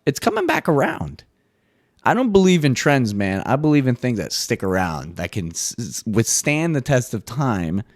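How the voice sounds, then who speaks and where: Animated swearing man on a podcast. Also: normal speed, no room sound, clean studio sound. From US East Coast. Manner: animated, swearing, jumps into high mock voices. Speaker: podcast host. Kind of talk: casual solo monologue.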